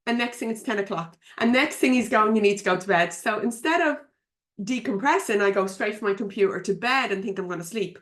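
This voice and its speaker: Irish woman, business coach, frank slangy chat, fairly high voice, webinar from home desk. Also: a little fast, fairly bright tone. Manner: chatty and frank, laughs often, slangy and swears. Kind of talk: live webinar coaching talk. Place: home office at her computer.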